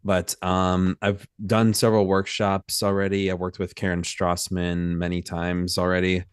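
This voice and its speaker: A man's voice: low-pitched, monotone, moderate pace, smooth, no room sound, studio quality. A man new to voice acting speaking in casual chat, hesitant and full of fillers. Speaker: voice acting newcomer.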